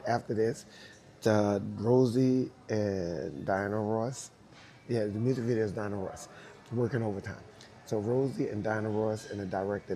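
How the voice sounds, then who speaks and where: Man acting out a lively story. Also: on the low side. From New York. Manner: animated, acts out dialogue, laughs often. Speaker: dancer telling his story. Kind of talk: casual storytelling interview.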